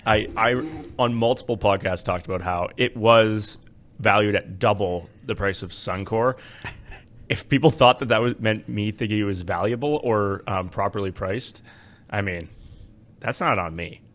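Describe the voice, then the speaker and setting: A man co-hosting a finance podcast, talking in casual chat, wry and animated as he explains with frequent fillers. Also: on the low side, normal speed. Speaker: podcast co-host, investment adviser.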